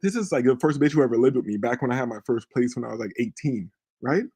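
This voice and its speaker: A podcast host tells a crude, profane story in a rambling way, constantly checking in with the listener by asking "you feel me." He talks fast at medium pitch, with a warm, husky tone.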